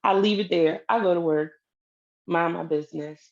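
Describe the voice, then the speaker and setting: A woman's voice: lowish voice, normal speed, lo-fi sound, noisy background. A woman telling a personal story in a casual way, acting out the lines of the people in it. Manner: animated, acts out quoted dialogue.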